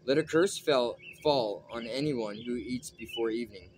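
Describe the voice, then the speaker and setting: A man's voice: mid-range voice, moderate pace, a little mellow, slight background noise, lightly acted. A man reading aloud and voicing a commanding king who gives orders. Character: King Saul, commanding male king.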